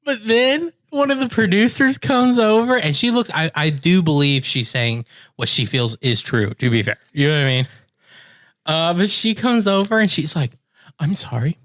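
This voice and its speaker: A man's voice: high-pitched, lively intonation, normal speed, fairly bright tone, no echo. A young man co-hosting a casual podcast chat, telling stories in a laid-back way, full of "like" and "dude". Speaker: podcast co-host.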